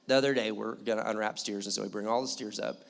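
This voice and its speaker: A young male pastor giving a sermon in a church, telling a story in an animated, joking manner. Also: fairly low pitch, fast, creaky, big-room sound. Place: church hall.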